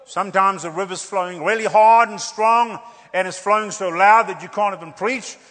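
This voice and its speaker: A man preaching a revival sermon, animated and joking, repeating phrases for emphasis. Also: sits high, normal speed, long reverb tail.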